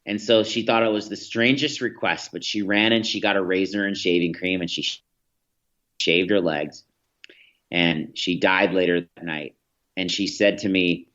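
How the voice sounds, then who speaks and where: A man's voice: low-pitched, steady tone, moderate pace, fairly bright tone, muffled recording. A man, a podcast guest, telling reflective stories in an interview, with many restarts and fillers. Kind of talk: storytelling in an interview.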